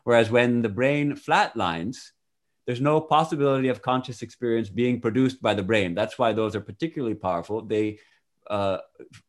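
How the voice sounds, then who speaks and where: A man as an interview guest, earnestly explaining and commenting on accounts he reads out. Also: lowish voice.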